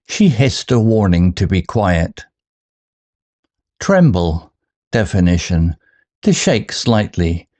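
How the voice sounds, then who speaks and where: Slow, deep-voiced man reading a lesson. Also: darkish tone. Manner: measured, deliberate reading of words, definitions and examples. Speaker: English vocabulary teacher. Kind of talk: scripted vocabulary lesson narration.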